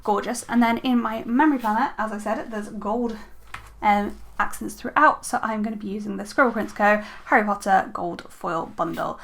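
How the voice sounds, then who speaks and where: A young adult woman chatting casually as a planner vlogger at her desk at home, talking through her stickers with lots of ums and quick self-corrections. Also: medium pitch, creaky, fairly bright tone. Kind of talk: casual show-and-tell chat.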